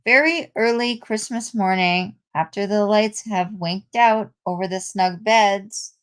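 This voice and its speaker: A woman's voice: medium pitch, slow, clear, resonant tone. A woman reading a comic aloud for her channel, casual and unpolished, with asides and restarts.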